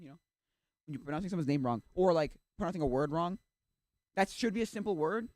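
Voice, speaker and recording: A man streaming and chatting casually, animated and easily exasperated, acting out little reactions. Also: fairly high pitch, quick pace, no echo. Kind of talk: casual chat.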